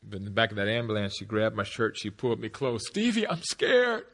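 A middle-aged man giving a speech to an audience, telling a personal story emphatically. His voice drops to a hush, then rises loud. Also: lowish voice, little pitch movement, fast talker. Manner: emphatic, swings between hushed and loud. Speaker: motivational speaker.

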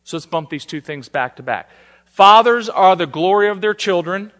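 A man's voice: high voice, lively intonation, normal speed. Man, pastor, sermon, dynamic delivery, reverberant hall. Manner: dynamic, swings between soft and emphatic.

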